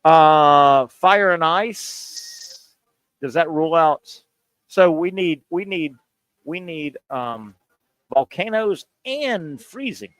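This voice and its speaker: A man bantering through a sports radio trivia game, his fairly high voice leaping all over the place. He goes from shouting to mumbling and jokes constantly. The studio sound is close and dry. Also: takes it slowly, dry recording. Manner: loud, excitable, jokey, swings between shouting and mumbling.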